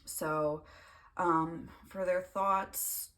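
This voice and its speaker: A woman's voice: fairly low pitch, fairly even intonation, drawn-out words, fairly bright tone. A young woman giving a casual tarot reading, rambling with lots of fillers and the odd swear word. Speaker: tarot reader.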